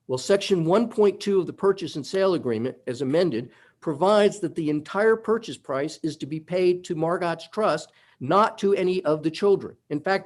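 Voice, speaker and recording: A man's voice: a little high, darkish tone. A man arguing a summary judgment motion before a judge in a courtroom, methodical and emphatic as he walks through legal points. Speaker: attorney.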